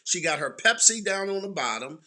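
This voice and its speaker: Lively bright-voiced Baltimore man telling stories. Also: sits high, a little fast. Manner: animated, repeats words, keeps the audience close. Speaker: podcast co-host. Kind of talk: casual storytelling chat.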